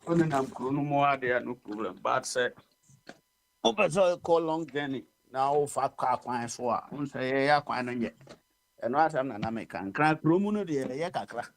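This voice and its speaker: A Ghanaian man with a Ghanaian accent, chatting on a radio talk show in a relaxed, unhurried way. His voice sits at an ordinary middle pitch, and he moves easily between English and Twi. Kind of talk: casual radio chat.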